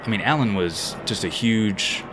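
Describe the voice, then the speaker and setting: A man guesting on a podcast, telling an animated, slangy anecdote about his riding career. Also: on the low side, noisy background. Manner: fast-talking. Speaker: guest BMX rider. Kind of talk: casual storytelling.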